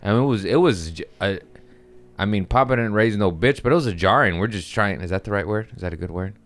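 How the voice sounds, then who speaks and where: A man's voice: lowish voice, fast. A young man doing a crude, rambling comedy monologue as a podcast host, often laughing at his own jokes.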